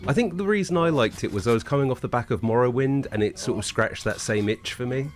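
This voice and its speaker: A man's voice: medium pitch, lively intonation, quick pace, soft background music. A man giving casual let's play commentary with wry, amused asides. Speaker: streamer.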